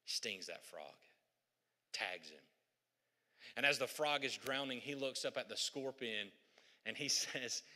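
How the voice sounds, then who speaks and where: Man preaching a sermon, jokey and chatty, bright forceful voice, big echoey church. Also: mid-range voice. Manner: humorous, conversational, storytelling. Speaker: pastor. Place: church sanctuary.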